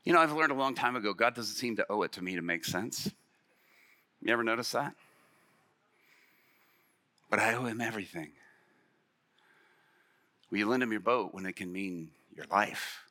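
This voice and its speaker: A man, a pastor, telling a story in a sermon, acting out the dialogue and rising to shouts. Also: on the low side, lively intonation, moderate pace, long pauses. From Illinois. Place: church stage.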